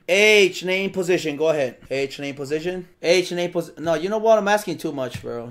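A man in his late twenties running player tryouts on a live stream, teasing, excitable, and quick to burst out laughing. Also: a little high. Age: late 20s. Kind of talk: live-stream banter with chat.

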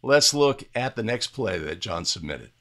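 A basketball officiating instructor reviews game video in a bright, forceful male voice that sits on the low side, swings widely in pitch, and never hurries. Like a coach at a whiteboard, he lays out each point plainly, restarting sentences and using fillers, and keeps tagging lines with "right?" to bring the listener along.

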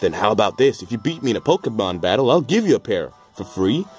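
A man's voice: on the low side, very animated, fast, a little mellow, faint music behind. A man voicing a chirpy young female roller skater trainer in a game, reading her lines with upbeat pep. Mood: peppy.

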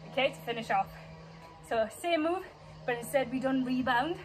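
A woman's voice: high-pitched, moderate pace, long pauses, soft background music, rough recording. A young woman teaching a dance routine, counting beats and scatting the moves aloud, a little out of breath. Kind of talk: dance class instruction. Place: dance studio.

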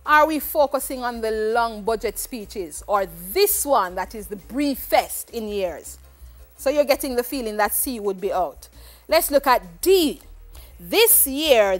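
High-voiced woman teaching. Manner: questioning, encouraging, explaining step by step. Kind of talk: televised exam lesson.

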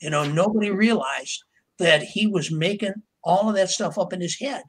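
An older man with a somewhat high, husky voice spins long behind-the-scenes stories as a podcast guest. He rambles through fillers and restarts, and he slips into quick voices for the people he quotes. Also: a bit bright, low-quality recording. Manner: rambling, with many fillers and acted quotes of others. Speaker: author and interview guest. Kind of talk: anecdotal storytelling in a podcast interview.

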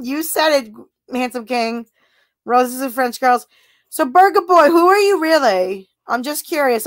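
A woman talking at a slow, easy pace in a high voice, chatting casually with viewers on her livestream. She giggles often and sounds flattered as she answers their comments. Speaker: livestream host.

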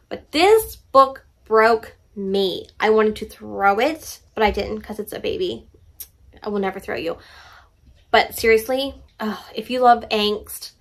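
A woman's voice: a little high, fairly bright tone. A woman talking casually to camera about her favorite books, emphatic and playful as she gushes. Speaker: book reviewer.

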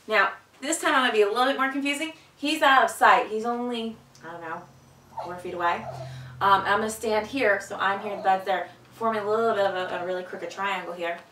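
Recorded from a distant mic in an echoey indoor room, a woman trains her dog hands-on, talking fairly quickly. She calmly explains the exercise, then switches to sharp, upbeat commands and lavish praise, over a little hiss or hum.

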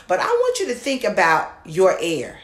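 A woman voice coach teaching an online lesson, who often repeats herself and checks in with "okay?", now and then singing or shouting demonstrations. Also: medium pitch, wildly swooping pitch, moderate pace, reverberant. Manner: repeats words, checks in with "okay?" and "all right?"; sings demo lines and shouts "ha!" exercises.

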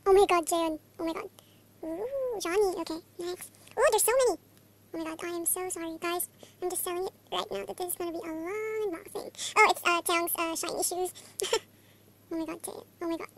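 A young woman from the Philippines chatting through a fan unboxing, gushing and excitable, with constant exclamations. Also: extremely high pitch, vocal fry. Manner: gushing, excitable, many oh-my-gods. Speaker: vlogger. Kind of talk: casual unboxing chat. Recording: faint background noise.

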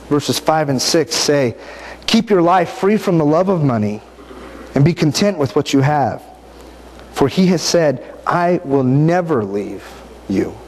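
A man's voice: on the high side, a little mellow, a little hiss or hum. A man giving a conversational sermon, often asking his listeners questions and reading scripture aloud. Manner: conversational, asks the audience questions. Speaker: preacher.

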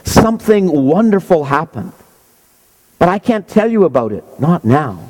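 A man voicing an adult male disciple who is shaken and awed, telling it haltingly. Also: fairly high pitch, very animated, a little mellow, voice pushed up. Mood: hushed.

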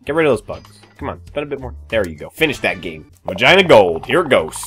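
A man giving comedic let's-play commentary as a gaming YouTuber, goofy and jokey, with sudden excited yelps. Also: medium pitch, brisk, soft background music.

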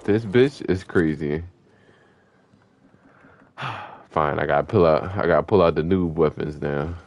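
A man giving live commentary while he plays an online game, talking casual and slangy with sudden excited yelps. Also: rumbling low, unhurried, lo-fi sound. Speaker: gaming streamer.

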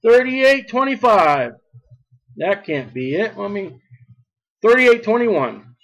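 High-voiced slow preaching man. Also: sing-song, a bit bright, poor audio. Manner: emphatic, drawing out key words. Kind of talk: sermon.

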